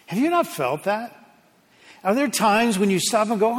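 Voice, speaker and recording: A male preacher with a notably high voice who talks in a relaxed, self-deprecating and chatty way. His sermon rings with a long reverb from a large hall. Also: normal speed. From United States. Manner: conversational, self-deprecating storytelling. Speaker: pastor. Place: church sanctuary.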